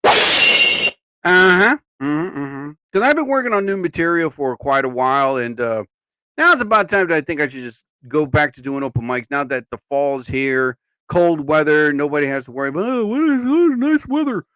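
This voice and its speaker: A man's voice: a little high, expressive, normal speed, sharp tone, clean tone, no echo. A man hosting his own live show, chatting casually and rambling with frequent exclamations. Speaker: host. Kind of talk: casual livestream chat.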